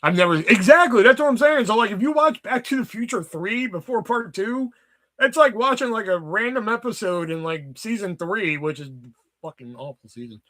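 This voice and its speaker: A man in his thirties hosting a casual livestream, rambling and swearing as he tells animated stories. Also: high voice, normal speed. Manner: rambling, profane, animated storytelling. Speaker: livestream host.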